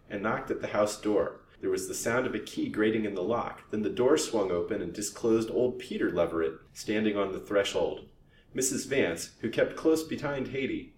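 A man reads a novel aloud in a measured, steady way, his voice sitting on the low side. The recording is roomy and echoey, with the mic some way off. A faint hiss runs underneath. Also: recorded from a distance. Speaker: storyteller. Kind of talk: storybook reading aloud.

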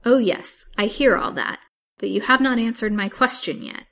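A woman's voice: on the high side, moderate pace, fairly bright tone, voice pushed up. Woman voicing a fierce old witch wife. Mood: persistent. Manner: stubborn, fierce, grim.

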